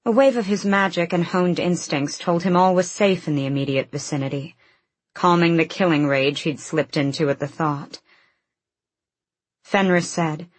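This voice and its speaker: A woman reading a fantasy novel aloud in an even, measured narration. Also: lowish voice, no echo. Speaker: audiobook narrator.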